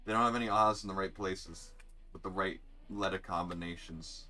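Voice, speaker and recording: A man's voice: low-pitched, fairly even intonation, moderate pace, pushed and bright. Sweary young man streaming a racing game. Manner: blunt, sarcastic, swears freely. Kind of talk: casual live-stream chat while gaming.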